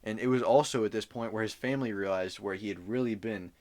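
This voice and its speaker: A man's voice: fairly low pitch, fast talker, a little mellow. A young man co-hosting a podcast, telling a story loosely in casual chat, with fillers and swearing. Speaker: podcast co-host.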